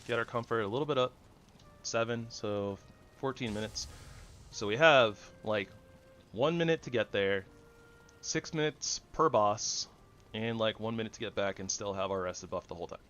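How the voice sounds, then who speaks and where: A man giving goofy, rambling commentary over his own gameplay, jumping between loud excitement and soft mumbling. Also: lowish voice, normal speed. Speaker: gaming channel host.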